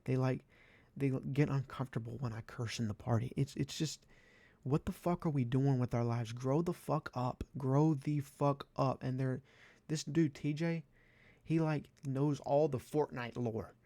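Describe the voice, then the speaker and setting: A man's voice: mid-range voice, moderate pace, dark tone, no echo. A young man ranting in a vlog, profane and exasperated, with a sarcastic edge. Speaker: vlogger. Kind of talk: ranting commentary.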